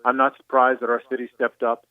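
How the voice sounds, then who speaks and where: A man's voice: mid-range voice, completely flat delivery, fairly quick, clean tone, no room sound. A middle-aged man from Jacksonville, a sports broadcaster talking earnestly and with emotion, repeating words as he goes, calling in by phone. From Jacksonville, Florida. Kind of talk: reflective on-air talk. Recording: tinny phone line, dry.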